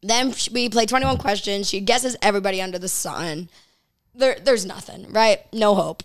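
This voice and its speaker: A young woman in casual conversation, telling a personal story in a lively way and acting out quoted lines. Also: mid-range voice. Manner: animated, quick storytelling full of quoted dialogue. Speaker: interviewee.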